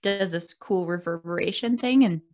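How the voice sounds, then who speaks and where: Animated Canadian woman telling a story. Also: fairly low pitch, moderate pace, slight background noise. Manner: animated, laughs often, acts out quoted voices. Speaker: podcast co-host. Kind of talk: casual storytelling chat.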